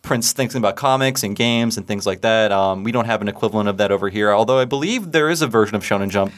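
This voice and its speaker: A man hosts a podcast in relaxed conversation. He talks loosely, with plenty of fillers, and laughs often along the way. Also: fairly low pitch, fast talker. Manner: chatty, laughs easily, many fillers. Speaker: podcast host. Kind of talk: casual podcast chat.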